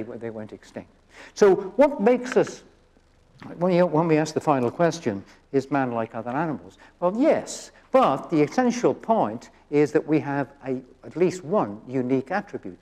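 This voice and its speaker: A man's voice: medium pitch, darkish tone. An older man gives a public lecture on science in an easy, conversational way. He restarts phrases and checks in with the audience as he goes. His voice rises and falls a lot. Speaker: genetics professor giving a public lecture.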